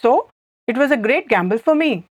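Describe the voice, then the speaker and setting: Measured Indian woman teaching phrases. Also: on the high side, expressive, no room sound, clean studio sound. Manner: clear, measured, repeats phrases slowly. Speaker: language teacher. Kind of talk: scripted language lesson.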